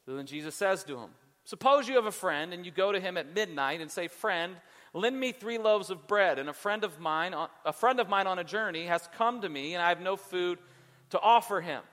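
A man preaching a sermon as pastor, animated and acting out voices in the story. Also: sits high, normal speed, big-room sound.

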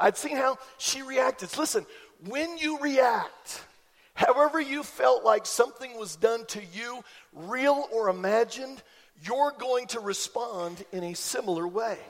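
A middle-aged man preaches in a high, carrying voice that trails off into the long reverb of a church hall. He tells stories and slows down to repeat his key points. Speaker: pastor. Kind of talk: sermon.

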